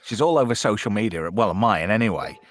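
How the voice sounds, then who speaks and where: A man's voice: lowish voice, expressive, brisk, no echo, studio quality. A man hosting a casual live-stream chat, swearing a lot and reading out chat comments. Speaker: host.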